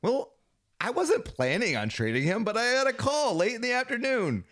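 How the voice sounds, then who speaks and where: A man co-hosting a comedic sports podcast, delivering jokes in a deadpan way. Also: very high voice, normal speed. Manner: deadpan, joking. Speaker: podcast co-host.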